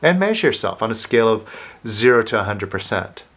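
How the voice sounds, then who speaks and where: A man calmly guiding the listener through a self-help exercise, speaking step by step as a coach. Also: fairly low pitch. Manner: slow, calm, coaching listener through steps.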